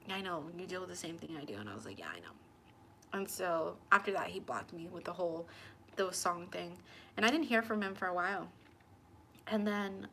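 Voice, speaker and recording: A woman's voice: mid-range voice, fairly bright tone, a little hiss or hum. A young woman hosting her tarot channel, casually telling a personal story to camera and acting out both sides of the conversations.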